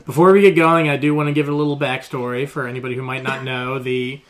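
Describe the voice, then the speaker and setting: A man's voice: mid-range voice, flat delivery, fast talker, a crowd in the background. A man co-hosting a casual podcast chat, explaining the backstory between laughs. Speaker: podcast co-host.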